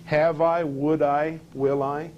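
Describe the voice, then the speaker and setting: A man's voice: a little high, little pitch movement, takes it slowly, highs cut off, slight background noise. Man teaching a scripture class. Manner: questions the class and reads verses aloud with rising emphasis.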